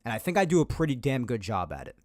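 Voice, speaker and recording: A man's voice: medium pitch, very animated, fast talker, no room sound, clean studio sound. Emphatic man ranting on a sports podcast. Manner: emphatic, argumentative, repeats points. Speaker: podcast host. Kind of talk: opinionated solo sports talk.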